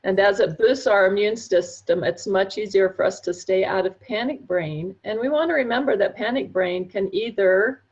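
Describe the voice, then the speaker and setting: A woman, a therapy trainer, speaking slowly and reflectively in an online workshop over a video call. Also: mid-range voice, muffled recording. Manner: slow, reflective, gentle.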